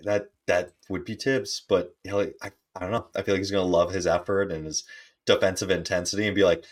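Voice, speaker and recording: A man's voice: low-pitched, steady tone, fast talker. A man co-hosting a sports podcast, analyzing players in casual chat with a playful, teasing streak. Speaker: podcast co-host.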